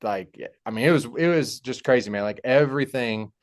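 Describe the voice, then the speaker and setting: A young man telling a personal story in a halting, heartfelt way, with many fillers and restarts. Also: medium pitch. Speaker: podcast guest. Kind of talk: personal story in casual conversation.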